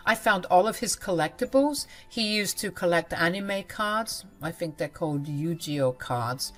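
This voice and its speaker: A woman with a fairly low voice narrates a dramatic first-person story. Her telling is emphatic and vivid. Soft music plays faintly underneath.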